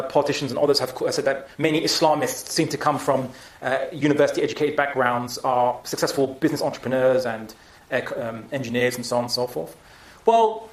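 A man's voice: a little high, reverberant. A man giving a public talk and taking audience questions, speaking emphatically with frequent restarts.

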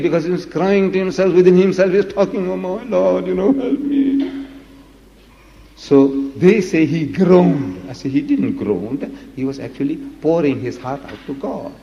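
A male preacher lectures with emphatic, dramatic delivery and pointed rhetorical questions. His voice sits a little high. The recording is dull and lo-fi, with a long reverb tail from a large hall. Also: normal speed, warm tone. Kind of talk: religious lecture.

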